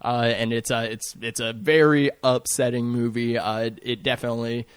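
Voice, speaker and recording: A man, a podcast guest, chatting casually, halting with many filler words. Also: mid-range voice, little pitch movement, clean tone, no echo.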